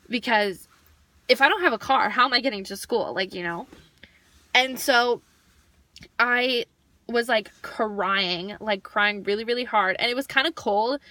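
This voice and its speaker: Young woman vlogger, bright higher voice, chatty storytime delivery, filler-heavy. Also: dry recording. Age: young adult. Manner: chatty, heavy use of "like", animated retelling. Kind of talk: storytime vlog.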